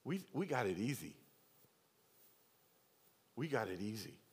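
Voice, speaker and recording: A male pastor preaching a sermon, moving between loud, emphatic stretches and quiet, low asides. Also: sing-song, a little slow, husky. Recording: long church reverb.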